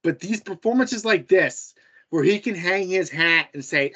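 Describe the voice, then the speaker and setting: A man's voice: high-pitched, lively intonation, unhurried, pushed and bright, breathy edge, highs cut off. A man from the United States co-hosting a podcast, ranting heatedly and with lots of swearing in casual sports chat. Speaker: podcast co-host.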